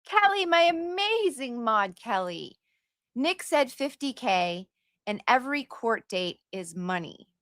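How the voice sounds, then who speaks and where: Slow-talking, gushing woman livestreamer. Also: fairly high pitch, very animated, a bit bright, dry recording, studio quality. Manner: gushing and chatty, sings little filler tunes. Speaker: livestream host. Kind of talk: casual livestream chat reading comments.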